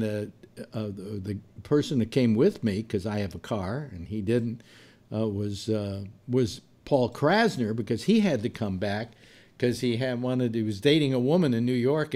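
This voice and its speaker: A man's voice: mid-range voice, a little mellow. A man in his seventies hosting a casual panel chat, telling long rambling stories from his past. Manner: rambling anecdotal storyteller. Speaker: radio show host.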